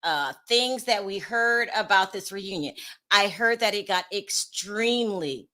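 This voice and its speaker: A woman's voice: medium pitch, expressive, a little slow, bright, forceful tone. A woman hosting a casual reality TV recap, chatty and candid, laughing often and talking to her viewers in the live chat. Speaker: reality TV commentary host.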